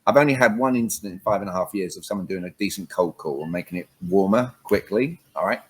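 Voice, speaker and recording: Man, husky, animated, emphatic, interview guest. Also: sits low, quick pace, rough recording. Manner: lively, acts out phone calls, emphatic. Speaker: communication coach, guest. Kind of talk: animated interview talk with acted examples.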